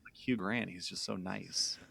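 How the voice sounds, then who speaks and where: A man's voice: low-pitched, steady tone, a little slow, gravelly, pushed and bright, no echo. A man co-hosting a podcast, chiming in with dry wisecracks. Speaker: podcast co-host. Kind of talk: casual chat.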